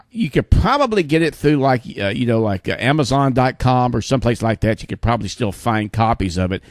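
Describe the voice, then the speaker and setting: A man's voice: medium pitch, no room sound, clean studio sound. A man in his sixties hosting his show, talking casually to viewers in a rambling way full of fillers and asides. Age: 60s. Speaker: show host.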